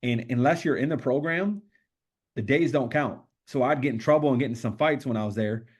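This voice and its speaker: A man's voice: mid-range voice, a little fast, husky. A man, a podcast guest, telling his own story in a casual, candid and profane way, with streetwise slang.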